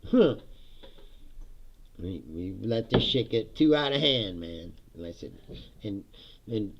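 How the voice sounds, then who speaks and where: Fairly low and slow, this podcast host's voice comes through with the highs cut off and a little hiss or hum. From his home basement studio he rants about politics in an animated, casual way, cursing freely and laughing often between lines.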